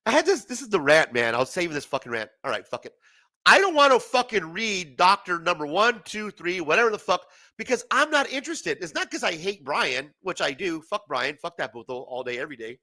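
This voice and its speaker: A man hosts a late-night livestream with a bright, sharp voice that swings up and down a lot. He rants in a rambling, profane way and breaks into laughter often. His voice is tired and starting to give out. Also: high voice, sing-song, a little fast. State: voice failing, tired. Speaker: livestream host.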